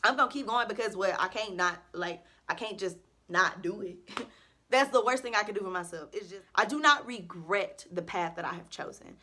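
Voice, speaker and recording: A woman's voice: fairly low pitch, sharp tone. A woman in her early twenties, a college senior, venting earnestly and emotionally to her channel about faith and her future. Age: early 20s. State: close to tears at times. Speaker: vlogger. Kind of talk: casual heartfelt vent to camera.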